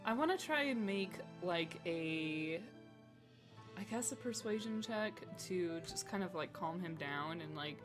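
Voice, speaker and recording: A woman's voice: fairly low pitch, lively intonation, a little slow, over music. A woman playing a tabletop game, hesitant and giggly, reading out abilities. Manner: hesitant, many fillers, giggly. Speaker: player. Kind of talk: casual tabletop game talk.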